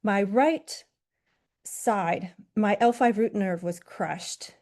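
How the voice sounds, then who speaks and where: A woman's voice: mid-range voice, very slow, a little mellow. A woman in her forties, a yoga teacher from Los Angeles, telling her own story in a talk in an earnest, candid way with fillers and self-corrections.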